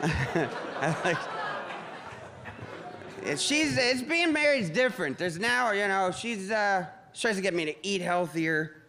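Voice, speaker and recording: A man's voice: high voice, expressive, pushed and bright, a little hiss or hum. A man doing a rambling, profane stand-up set and introducing the next comic on a club stage. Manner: rambling, halting restarts, profane. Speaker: stand-up comedian and emcee. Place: comedy club stage before a live audience. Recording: live club recording with crowd laughter.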